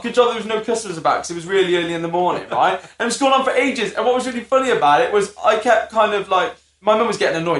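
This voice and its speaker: A man's voice: high voice, racing, few pauses, a bit bright, roomy sound. A man, co-hosting a podcast, telling a swearing, laughing anecdote in casual chat. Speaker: podcast co-host.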